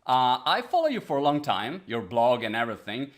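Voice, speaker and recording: A man's voice: mid-range voice, big pitch swings, a little fast. Eager Italian-accented male interviewer. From Italy. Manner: eager, rambling with restarts. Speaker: interview host. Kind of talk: casual interview.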